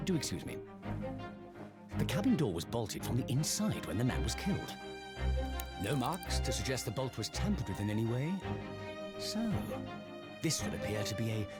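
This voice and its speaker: Man putting on a pompous British sleuth, swooping wildly in pitch over loud game music. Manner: grand theatrical read with dramatic pitch swings. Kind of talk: reading game dialogue aloud in character.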